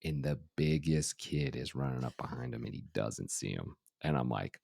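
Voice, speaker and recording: A man's voice: extremely low pitch, expressive, moderate pace, vocal fry, few pauses, darkish tone, slightly rough, no echo, clean studio sound. A middle-aged man, a life coach guest on a podcast, telling a story casually and often saying "you know" and "right?".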